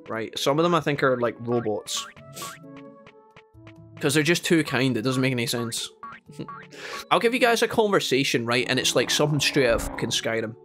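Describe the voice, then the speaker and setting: A Scottish man chatting casually to his viewers while playing a game, telling animated stories between moves. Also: mid-range voice. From Scotland. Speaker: gaming streamer. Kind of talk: casual gameplay chat with storytelling.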